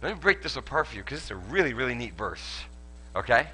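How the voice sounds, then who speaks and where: A man preaching a sermon at a church service, animated and joking as he tells stories. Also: medium pitch, quick pace, breathy edge. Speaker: pastor.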